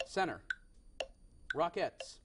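A man's voice: on the high side, lively intonation, slow pace, noisy background. A young man hosting a game show in a TV studio, with upbeat patter and frequent self-corrections.

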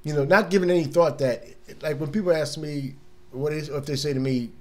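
A man's voice: fairly high pitch, steady tone, brisk, a little mellow. A man hosting a casual radio talk monologue, laid-back and chatty, often laughing and acting out little scenes from his day. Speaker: radio show host.

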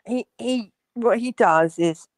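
A woman's voice: on the high side, takes it slowly, no room sound, clean studio sound. A woman with a North London accent, swearing bluntly and laughing as a guest on a casual live-stream panel. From London, England.

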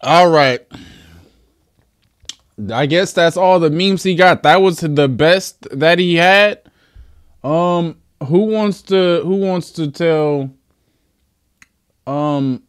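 A man's voice: fairly high pitch, slow pace, long pauses, clear, resonant tone. A young man streaming live, laid-back and slangy, cursing often.

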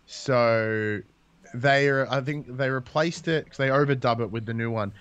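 A man's voice: medium pitch, moderate pace, a bit bright, clean tone, highs cut off. A man with an Australian accent, a guest in a casual chat, talking loosely and swearing freely. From Victoria, Australia.

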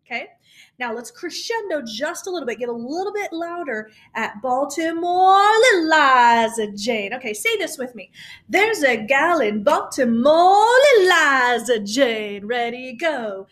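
Woman, choir teacher, high voice, cheerful and encouraging, clear coaching tone. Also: big pitch swings, a little slow, a bit bright. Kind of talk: recorded singing lesson.

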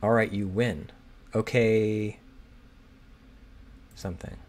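A man's voice: lowish voice, steady tone, darkish tone. A man thinking aloud as he solves a crossword, hesitantly reading clues and guessing answers. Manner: muttering, hesitant, reads clues aloud slowly. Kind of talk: thinking aloud while solving. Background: keyboard typing and clicking.

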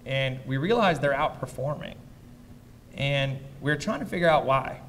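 A man who invests in startups, speaking as a fireside chat guest before a live audience, blunt and profane as he tells lively anecdotes. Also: medium pitch, normal speed, big-room sound, a little hiss or hum. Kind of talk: candid onstage storytelling.

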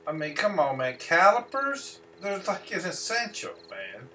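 A man's voice: fairly high pitch, big pitch swings, moderate pace, sharp tone, recorded from a distance, faint music behind. A man giving casual gameplay commentary, grumbling and swearing to himself as he plays. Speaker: gameplay streamer.

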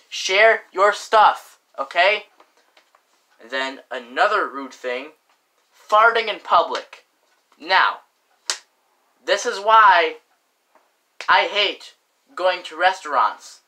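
A young man vents on camera in a slow, drawn-out way, leaning on filler words and mild curses. His voice is bright and a little tense, and his tone stays indignant and complaining throughout. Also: sits high, lively intonation, rough recording. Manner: indignant, repeats "frickin'" and "like" often, lots of filler. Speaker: vlogger. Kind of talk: casual ranting monologue.

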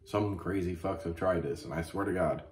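Profane ranting man, low voice. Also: moderate pace, a little hiss or hum. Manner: profane, mock-outraged, animated storytelling. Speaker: comedy podcast host. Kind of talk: crude comedic rant. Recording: echoey room.

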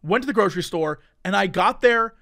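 A man co-hosting a podcast, telling a story in casual chat with animated swings between loud bursts and mumbled asides. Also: sits high, fairly quick, no echo, clean studio sound. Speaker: podcast co-host.

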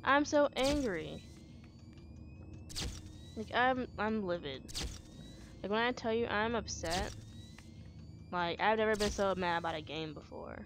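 A woman's voice: mid-range voice, animated, measured pace, long pauses, noisy background. A woman hosting a let's play, talking in an exasperated, slangy way full of swearing. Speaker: gaming channel host.

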